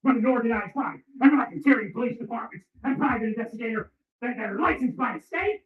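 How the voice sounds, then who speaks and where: A man delivering a furious, profane ranting monologue and often shouting. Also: very high-pitched, animated, fast. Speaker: vlogger. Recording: echoey, distant, dull sound.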